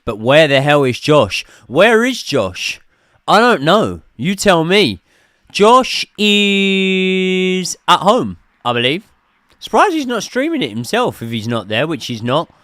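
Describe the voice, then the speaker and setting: Young man, casual live-stream chat, smooth clear voice, dry close sound. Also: a little high, very animated, takes it slowly, fairly bright tone, dry recording. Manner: chatty, swears casually, reads out viewer messages. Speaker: host of a football watchalong stream.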